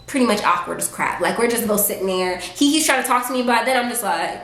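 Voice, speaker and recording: Woman sassy, animated storyteller. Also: medium pitch, fast, hardly any pauses. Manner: animated, sassy storytelling with lively acted quotes. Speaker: vlogger. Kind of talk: casual storytime. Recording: roomy echo.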